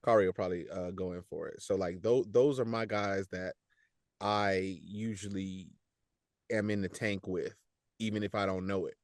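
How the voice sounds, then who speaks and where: Male voice actor guest, low and relaxed, animated slangy talk, dry close mic. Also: moderate pace, no room sound. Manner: animated, laughs often, slangy, repeats words. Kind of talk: casual podcast interview.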